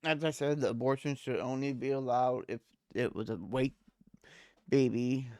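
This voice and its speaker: A man's voice: mid-range voice, smooth, no echo, studio quality. A man hosting a reaction video, talking casually and rambling, often correcting himself mid-sentence. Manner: rambling, self-correcting, laid-back.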